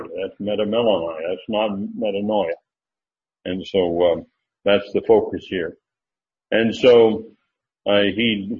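A man teaching a Bible study lesson in a casual, thinking-aloud way, checking his sources as he goes. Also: low voice. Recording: dull lo-fi recording with faint noise.

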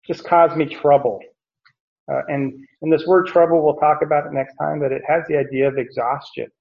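A man's voice: a little high, fairly even intonation, moderate pace, vocal fry. A man teaching verse by verse through a Bible passage in a conversational, explanatory way, often repeating phrases. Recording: dull lo-fi recording.

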